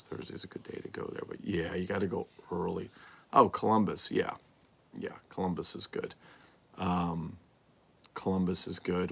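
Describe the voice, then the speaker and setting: A man's voice: low voice, creaky, slightly rough. A man hosting a casual livestream from a collectibles room at home, rambling and answering viewers' comments aloud. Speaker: livestream host and toy collector. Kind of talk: casual live-stream chat.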